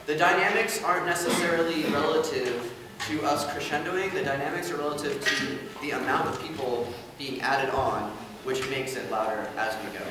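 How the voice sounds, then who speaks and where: A man's voice: mid-range voice, normal speed, background noise. A man conducting an orchestra rehearsal, singing rhythms to demonstrate and checking in with short questions. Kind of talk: rehearsal instruction. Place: large rehearsal hall with orchestra. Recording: distant mic in reverberant hall with orchestra.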